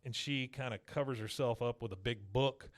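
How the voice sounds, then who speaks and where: A man's voice: medium pitch, moderate pace. A man hosting a podcast, casually recapping an episode and animatedly acting out quotes. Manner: animated storyteller, acts out quotes. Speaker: podcast host.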